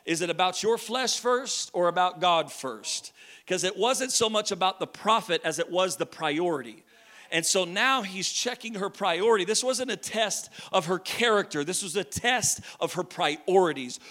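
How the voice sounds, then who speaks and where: Bright, high-voiced male preacher; animated, joking sermon delivery. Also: moderate pace. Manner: lively storytelling, jokes with the congregation, shouts at times.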